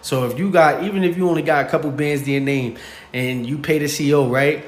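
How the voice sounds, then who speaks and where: A man's voice: a little high, fairly even intonation, fairly quick. A man hosting a casual commentary show, explaining in a laid-back way. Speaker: host. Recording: echoey room with faint noise.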